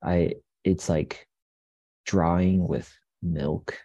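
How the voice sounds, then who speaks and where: A young man and coffee shop owner, telling stories in a relaxed, rambling way with many fillers and restarts. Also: sits low, very slow, dry recording, lo-fi sound. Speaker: guest, coffee business owner. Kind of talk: casual interview storytelling.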